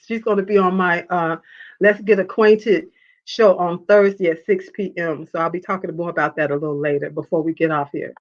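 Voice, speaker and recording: A woman hosting a live faith talk show, reading viewer comments and telling a personal story in an animated way. She laughs often and acts out the voices of the people she quotes. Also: fairly low pitch, moderate pace. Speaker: show host. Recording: dull lo-fi sound.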